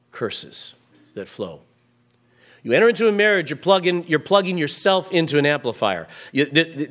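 A man preaching a sermon into a microphone, building from quiet explanation to raised, emphatic passages. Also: on the high side. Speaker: pastor. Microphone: microphone at a pulpit.

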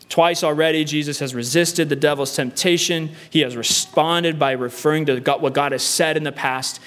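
A man's voice: fairly high pitch, a bit bright. A man preaching a sermon earnestly, using repetition and rhetorical questions. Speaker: pastor.

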